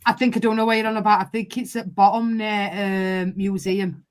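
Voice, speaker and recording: A woman's voice: medium pitch, little pitch movement, normal speed. A woman with a Northern English accent hosting a football watchalong live stream, chatting casually and bluntly with a lot of swearing. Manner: blunt, sweary, repeats "I can't lie".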